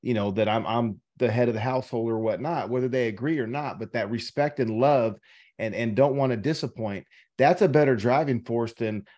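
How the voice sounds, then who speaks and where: A man's voice: mid-range voice, fairly quick, darkish tone. A man co-hosting a podcast, giving blunt, profane life advice in an emphatic, preachy way. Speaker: podcast co-host. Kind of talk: casual chat.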